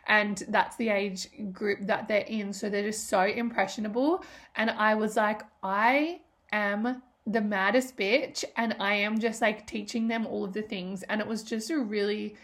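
A woman's voice: medium pitch, fairly even intonation, a little slow, fairly bright tone. A woman, hosting a solo podcast in a rambling, emotional way and swearing freely. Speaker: podcast host. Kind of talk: casual solo podcast talk.

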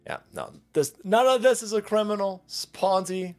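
This political commentary host has a high-pitched, expressive voice at normal speed, with soft music in the background. He rants in a sarcastic, mocking, profane way and imitates the voices of the people he's attacking.

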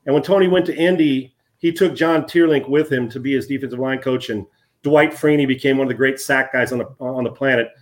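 A man in his fifties, a former football player and guest, telling casual stories in an animated way and often repeating words as he goes. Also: a little high. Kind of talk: casual storytelling.

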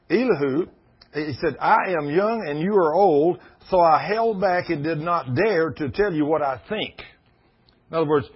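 A middle-aged man preaching a sermon in a folksy storytelling way, now and then rising to loud emphasis. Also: fairly high pitch, breathy edge. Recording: muffled lo-fi sound.

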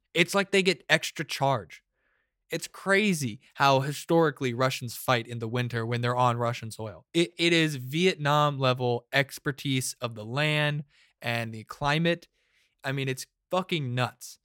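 A man's voice: medium pitch, fairly bright tone, no room sound. A man rambles through a casual solo podcast rant, profane and joking as he goes. His voice sits in the middle range and is recorded close and dry, with no room sound. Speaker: podcast host.

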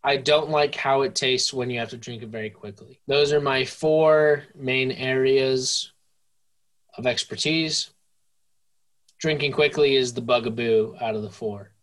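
A young man co-hosting a casual podcast, tipsy and playful, slipping into mock-infomercial pitches. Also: fairly even intonation, measured pace, fairly bright tone. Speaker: podcast co-host. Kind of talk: casual drunk podcast banter.

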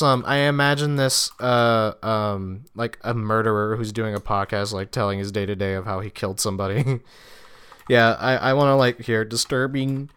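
A man's voice: medium pitch, a bit bright, clear, resonant tone. A young man hosting a solo podcast, rambling casually with lots of swearing, restarts and fillers. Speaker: podcast host. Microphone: podcast microphone.

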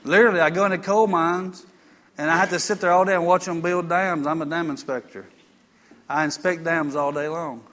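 A man preaches from the pulpit, his voice pitched high and ringing bright. He talks folksy and plain, circling back on his phrases and slipping into homespun stories. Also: steady tone, brisk. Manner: folksy, repetitive, storytelling. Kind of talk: conversational sermon. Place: church.

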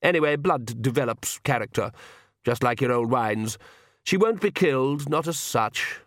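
A man's voice: medium pitch, animated, normal speed, a bit bright, dry recording. Casting: a man doing a drawling, mocking vampire count, dry close audiobook sound. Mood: smooth menace. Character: suave aristocratic male vampire count, menacing.

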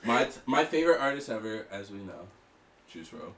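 A man's voice: on the low side, big pitch swings, a little fast, recorded from a distance. A young man co-hosting a podcast, speaking hesitantly and defending his own picks in casual joking chat. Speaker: podcast co-host. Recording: roomy, off-mic, loud group chatter.

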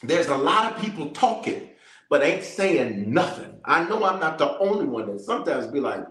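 A bishop leads his congregation in prayer with a somewhat high voice. He builds his lines through rhythmic repetition and drops into casual, slangy asides. The sound carries a roomy echo. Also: sing-song, moderate pace, fairly bright tone. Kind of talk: teaching and leading prayer.

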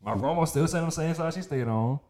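A young man, a podcast co-host, telling a story in casual chat, animated and profane, acting out what other people said. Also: fairly high pitch, quick pace. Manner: animated, profane storyteller who acts out quoted voices.

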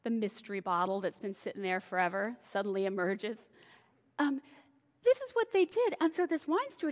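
Woman pastor, conversational sermon, playful storytelling, somewhat high voice, reverberant hall. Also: lively intonation, a little fast. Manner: chatty, acts out voices in dialogue. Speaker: senior pastor. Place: church sanctuary.

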